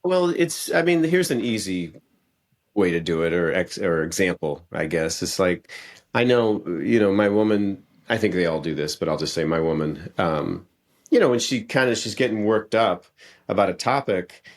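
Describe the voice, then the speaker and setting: Deep-voiced man coaching other men. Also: lively intonation, moderate pace. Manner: earnest, coaching men directly, frequent restarts. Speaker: podcast guest, relationship coach. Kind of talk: casual podcast conversation.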